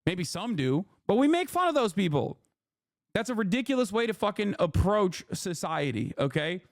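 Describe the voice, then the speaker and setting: A man in his thirties rants to his livestream chat, swearing freely and talking down to viewers. His voice sits on the higher side for a man. The sound is dry and close, with no room echo. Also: sing-song, moderate pace. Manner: heated, profane, lecturing chat. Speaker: streamer. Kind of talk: livestream commentary.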